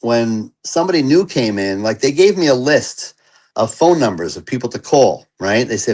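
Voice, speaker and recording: A man who is an interview guest, telling his personal recovery story in an earnest and animated way. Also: mid-range voice, normal speed, rough recording.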